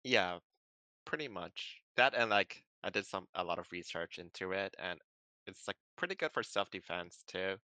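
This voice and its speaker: Man, casual chat, lowish voice, bright and clear tone, relaxed explaining, ums and likes. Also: normal speed, no echo.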